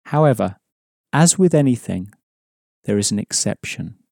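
Male language tutor, mellow and steady, dry studio read, patient and explanatory. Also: on the low side, normal speed, vocal fry, no room sound. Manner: patient, explanatory, prompting the listener. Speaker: language teacher. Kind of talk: audio language lesson.

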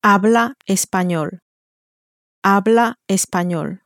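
A woman's voice: medium pitch, takes it slowly, fairly bright tone, no room sound, studio quality. A woman in an audio language lesson, modeling each answer by saying it twice. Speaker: native speaker modeling answers.

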